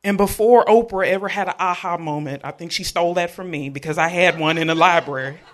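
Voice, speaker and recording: A man, telling a personal story at a live event, animated and joking with the audience. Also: high voice, brisk.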